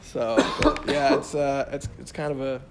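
A flight instructor chatting casually, an animated storyteller who laughs often and keeps saying dude. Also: male voice, medium pitch, moderate pace, gravelly, very noisy.

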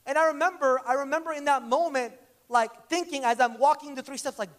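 Male preacher, unusually high voice, animated storyteller, conversational sermon. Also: brisk. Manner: animated, acts out dialogue in stories.

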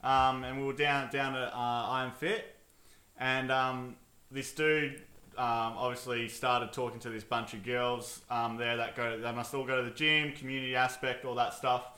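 A man's voice: medium pitch, steady tone, moderate pace, sharp tone, reverberant. A man co-hosting a podcast, telling a story hesitantly with many ums and restarts. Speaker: podcast co-host. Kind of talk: casual storytelling.

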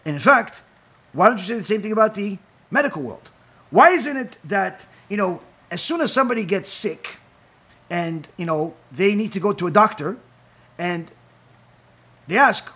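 A rabbi giving an impassioned talk, firing rhetorical questions and acting out quoted voices. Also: male voice, very high voice, sing-song, moderate pace, pushed and bright, slightly rough.

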